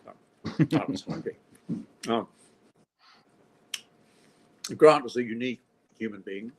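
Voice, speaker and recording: A man's voice: medium pitch, moderate pace, husky, rough recording. An older man from Australia, a film director being interviewed, talking in a rambling way with dry, wry humor. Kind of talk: casual interview conversation.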